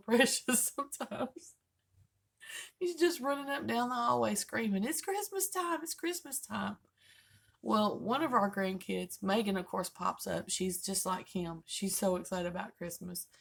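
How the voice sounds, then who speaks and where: A woman's voice: medium pitch, vocal fry. An older woman, hosting a home vlog and telling folksy, joking stories in casual chat. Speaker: vlogger host.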